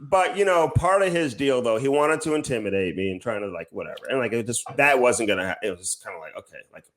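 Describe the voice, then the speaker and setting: A man's voice: mid-range voice, lively intonation, fast, fairly bright tone, slight background noise. A man co-hosting a podcast, telling a long story in casual chat, rambling and profane with plenty of fillers. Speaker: podcast co-host and TV hockey reporter.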